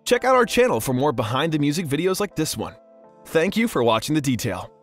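Animated male documentary narrator. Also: fairly high pitch, fairly quick, soft background music.

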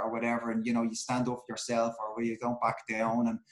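A man's voice: medium pitch, completely flat delivery, fast talker. Candid Irish man telling football stories. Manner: candid, swears freely, many restarts and fillers. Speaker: guest, former footballer. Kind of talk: casual storytelling interview. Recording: roomy echo.

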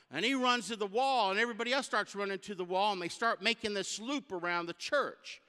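Male guest preacher, comic storyteller, high bright tone, long hall reverb. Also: a little fast, hardly any pauses, smooth. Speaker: guest speaker. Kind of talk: humorous sermon storytelling. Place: church sanctuary.

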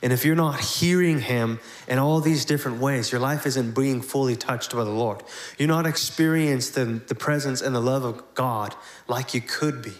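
A man's voice: mid-range voice, moderate pace. A man pastoring a congregation, speaking earnestly and leading a prayer. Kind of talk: sermon and prayer. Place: church hall. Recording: echoey church hall.

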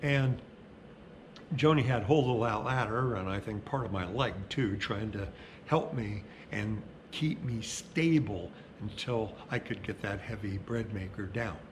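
A middle-aged male pastor who preaches in a conversational, storytelling way and slows down for emphasis. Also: lowish voice, background noise. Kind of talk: sermon.

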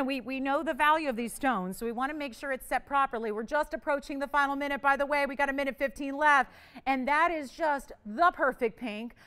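Bubbly lady running a live jewelry auction on tv, high bright voice, jumps all over the place. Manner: bubbly, chatty, teasing with crew. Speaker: jewelry shopping host. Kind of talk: live TV shopping auction patter.

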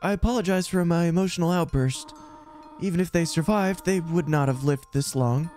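A man voicing a gentle, motherly goat woman in a game, speaking formally and politely with no contractions. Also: fairly high pitch, fairly quick, soft background music, pitched above the performer's own voice, close to an everyday voice.

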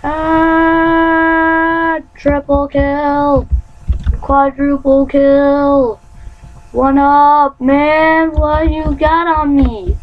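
A woman giving live gameplay commentary, chatty and excitable, breaking into gleeful sound effects and sing-song noises. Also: sits high, drawn-out words, soft background music. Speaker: gamer. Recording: lo-fi recording with faint hum.

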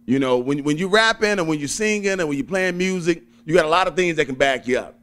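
A young man with a Southern accent from Alabama, a stand-up comedian chatting in an interview, laid-back and quick to chuckle. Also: fairly high pitch, animated, a bit bright, clean tone. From Birmingham, Alabama. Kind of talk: casual interview chat.

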